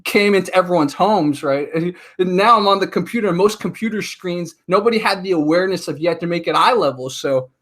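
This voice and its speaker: A man in his thirties talking casually as a podcast guest, telling stories in an animated way with lots of filler words. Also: high voice, a little fast, hardly any pauses. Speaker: podcast guest, martial artist. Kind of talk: casual chat.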